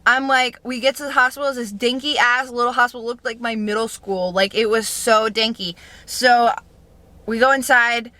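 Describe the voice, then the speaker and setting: A young woman tells a personal story to her camera in a loose, conversational way. Her voice is bright and forceful. She is animated and profane, and she acts out quoted lines as she goes. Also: on the high side, normal speed, no room sound. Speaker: vlogger telling a personal story. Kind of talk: casual storytime monologue.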